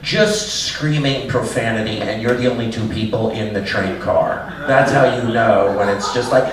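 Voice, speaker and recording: A man's voice: fairly low pitch, moderate pace, noisy background. A man doing a live stand-up set in a small cafe, rambling and cutting himself off mid-sentence. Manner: rambling, self-interrupting delivery. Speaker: stand-up comedian. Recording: echoey room, far mic, audience. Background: laughing audience.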